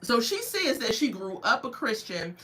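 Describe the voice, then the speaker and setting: A woman's voice: fairly high pitch, very animated, normal speed, sharp tone, poor audio. A woman recapping a reality TV episode in casual chat, telling it as a story and acting out the people she quotes with playful asides.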